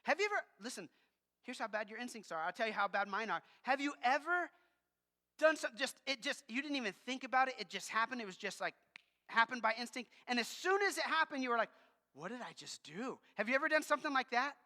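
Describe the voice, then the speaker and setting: A man preaching a sermon to his congregation, a loud talker who speaks in an animated, conversational way. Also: extremely high pitch, fast. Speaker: pastor. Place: church sanctuary with congregation. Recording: long reverb of a large church hall.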